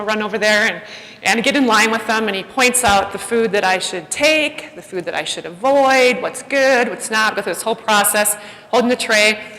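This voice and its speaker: Woman speaker telling a story to a crowd, kinda high voice, acts out the other voices, lots of hall echo. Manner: animated, acts out quoted voices, self-deprecating. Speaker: keynote speaker. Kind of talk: personal storytelling talk. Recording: long hall reverb.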